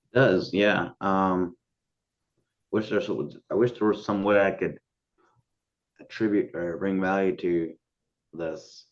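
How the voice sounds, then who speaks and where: Man, podcast guest, hesitant, very slow, muffled dull sound. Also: low-pitched, fairly even intonation. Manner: hesitant and halting. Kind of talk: casual conversation.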